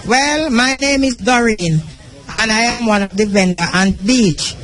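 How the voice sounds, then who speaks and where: A woman's voice: fairly high pitch, measured pace. A Jamaican woman, a beach vendor, speaking plainly and gratefully to the crowd.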